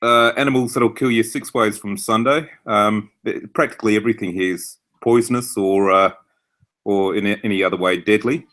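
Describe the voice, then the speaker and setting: A man's voice: fairly low pitch, steady tone, moderate pace, a bit bright. Laid-back Australian man, dry humor. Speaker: guest. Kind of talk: casual interview over a call.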